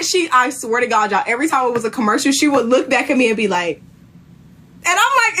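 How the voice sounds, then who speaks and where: A young woman chatting casually on a live stream, telling a lively story and acting out what people said. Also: fast. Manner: animated storytelling, acts out quotes in high voice. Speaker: reality show contestant.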